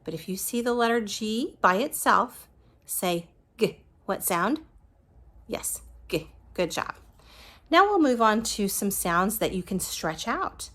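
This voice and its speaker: A woman leads a phonics lesson for small children at an unhurried, drawn-out pace. She models each letter sound with care and gives gentle praise along the way. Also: mid-range voice. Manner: slow, patient, encouraging, models each sound. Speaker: teacher.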